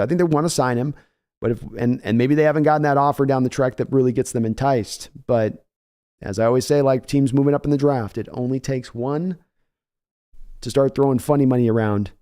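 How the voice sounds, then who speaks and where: A man hosting a casual sports livestream, chatting in a joking, animated way and thanking viewers by name. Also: mid-range voice, smooth. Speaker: sports show host.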